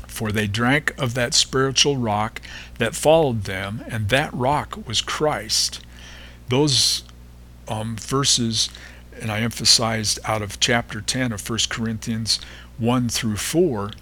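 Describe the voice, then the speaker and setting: A man hosting a devotional podcast, reading and explaining Bible verses in an unhurried way, pausing often and stressing repeated words. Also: mid-range voice, sharp tone. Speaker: podcast host teaching the Bible.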